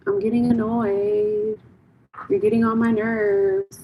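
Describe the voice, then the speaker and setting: A woman's voice: medium pitch, measured pace, dark tone, a little hiss or hum, low-quality recording. A young woman reading tarot on a live stream, talking casually and bluntly, repeating phrases as she vents to a viewer.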